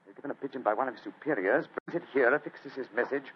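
An actor playing a calm, commanding Victorian detective in an old radio drama, reasoning in a measured, deliberate way. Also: male voice, mid-range voice. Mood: pondering. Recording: dull old radio recording with hiss.

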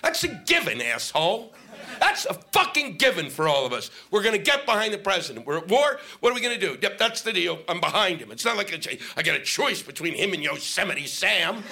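A man's voice: high voice, very animated, brisk, creaky, sharp tone. Ranting, profane stand-up comic man. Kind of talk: stand-up comedy set. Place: live comedy venue with laughing audience. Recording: live set with audible audience noise.

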